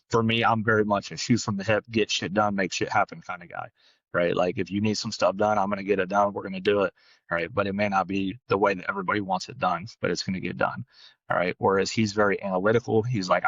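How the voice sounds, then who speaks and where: A man's voice: fairly low pitch, creaky, fairly bright tone, no room sound, dull audio. A man co-hosting a podcast, telling a work story in a blunt, casual way, often tagging lines with "right?" and swearing now and then. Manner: fast, blunt, peppered with "right?". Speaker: podcast co-host, dog trainer.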